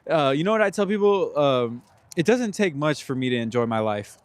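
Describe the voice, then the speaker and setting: A man chatting casually outdoors in the cold, easygoing and quick to laugh. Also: on the high side, big pitch swings, dry recording. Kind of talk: casual chat. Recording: noisy outdoor recording.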